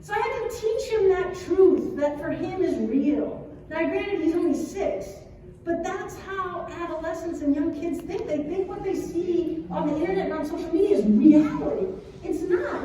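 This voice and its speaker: A woman in her thirties, an educator, giving a chatty, animated conference talk and often checking in with the audience. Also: high-pitched, a little hiss or hum. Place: large hall at an educators' conference. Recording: echoey hall from far off.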